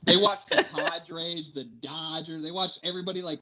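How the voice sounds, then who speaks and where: A man's voice: fairly high pitch, steady tone, normal speed, bright, forceful tone, low-quality recording. A young man co-hosting a casual sports podcast, ranting in exasperation and swearing constantly. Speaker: podcast co-host.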